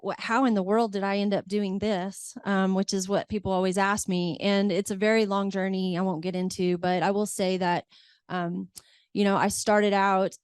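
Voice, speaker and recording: A woman's voice: mid-range voice, clear, resonant tone, dry recording, clean studio sound. A middle-aged woman from Oklahoma speaking as a seminar panelist, chatty with frequent fillers.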